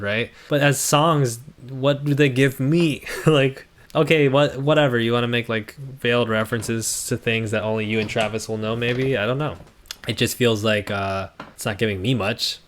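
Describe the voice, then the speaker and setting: A man's voice: mid-range voice, steady tone, normal speed, fairly bright tone. A man streaming casual commentary, reading song lyrics aloud and critiquing them in a sarcastic, thinking-aloud way.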